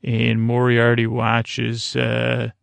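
A man's voice: medium pitch, completely flat delivery, extremely slow, vocal fry, clean tone, dry recording. A man hosting a podcast, casually recapping an episode, rambling with fillers and quoting characters. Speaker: podcast host.

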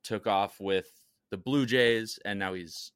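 A man's voice: fairly low pitch, takes it slowly, a bit bright, clear, resonant tone, no room sound, clean studio sound. A man co-hosting a casual podcast, explaining things in an upbeat, enthusiastic way. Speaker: podcast co-host.

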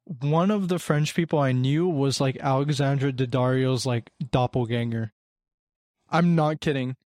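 A young man in his twenties talks in a loose, rambling way, filling pauses with ums and uhs. His voice sits in an ordinary middle range. The sound is dry and close, with no room echo. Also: mid-range voice, darkish tone. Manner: rambling, heavy with fillers. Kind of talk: casual chat.

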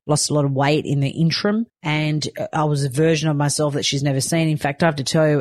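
A woman's voice: sits low, darkish tone, no echo. A young woman speaking earnestly and directly to viewers in a casual personal vlog. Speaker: psychic medium and new mother sharing her story.

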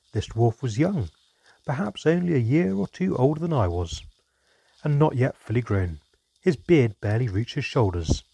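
A man narrating a fantasy audiobook in a calm, even storytelling manner. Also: mid-range voice, slightly rough, no room sound.

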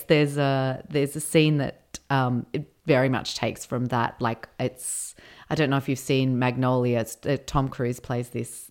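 A woman's voice: extremely low pitch, darkish tone. A woman performer being interviewed, talking thoughtfully in a rambling way with many restarts. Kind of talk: casual interview talk.

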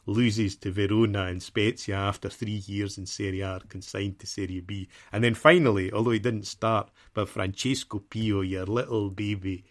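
A man's voice: lowish voice, fairly bright tone. A man co-hosting a football podcast, chatting casually in a rambling, self-deprecating way and laughing often. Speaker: podcast co-host.

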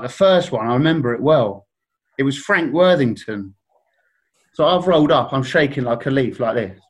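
A man's voice: medium pitch, rough recording. A man from Surrey, a guest on a casual podcast, telling stories and acting out other people's voices. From Surrey, England.

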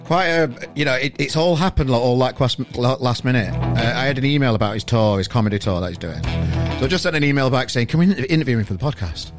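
A man's voice: mid-range voice, lively intonation, fast. Man, Northern English accent, Sheffield, podcast host, chatty, stumbling restarts, video call, bedroom, guitar music behind. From Sheffield, England. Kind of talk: casual interview chat. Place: bedroom at home. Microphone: online video call.

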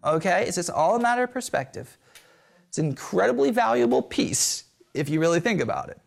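A man with a gravelly, creaky edge to his voice, teaching a seated group in a blunt, irreverent way. His pitch swings widely as he jokes, swears and acts out little voices to make his points. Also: brisk. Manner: blunt, joking, peppered with swearing; animated, acting out voices in quotes. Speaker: spiritual teacher. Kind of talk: live talk to a seated group.

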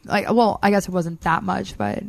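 A woman's voice: medium pitch, normal speed, vocal fry. A young woman telling a long story in casual chat, acting out quotes and saying "like" constantly. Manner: animated storyteller, heavy use of "like", acts out quotes.

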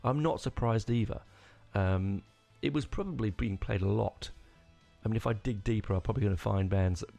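A man talks on his own as a podcast host, rambling with plenty of restarts and real enthusiasm. His voice sits low and gravelly. Soft music plays faintly behind him. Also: brisk. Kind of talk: casual solo rambling.

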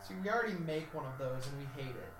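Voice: medium pitch, lively intonation, fast talker, distant mic, over loud music. A podcast co-host in casual chat, teasing and sarcastic. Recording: echoey room, away from the mic.

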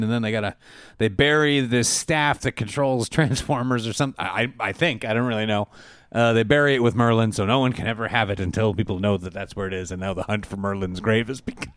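A man's voice: mid-range voice, fairly bright tone, clear, resonant tone, no echo, clean studio sound. A man co-hosting a casual movie podcast, ranting with exasperation and laughing often as he talks. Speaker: podcast co-host. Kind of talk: casual movie review chat.

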